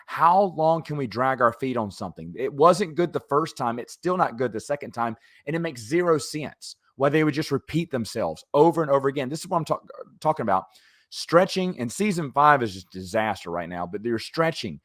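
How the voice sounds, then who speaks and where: A man hosts a casual review of a TV episode, sounding exasperated as he picks apart what he sees as repetition. His voice sits at an ordinary middle pitch, and the recording is dry and close with no room sound. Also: very animated, normal speed, fairly bright tone, no echo. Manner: exasperated critique with frequent fillers. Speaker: show reviewer.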